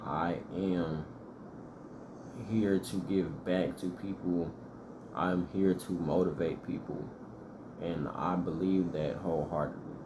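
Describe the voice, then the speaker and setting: Man doing reaction host, very deep, echoey room with noise behind, earnest. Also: fairly even intonation, slow pace. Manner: earnest, motivational. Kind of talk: casual reaction commentary.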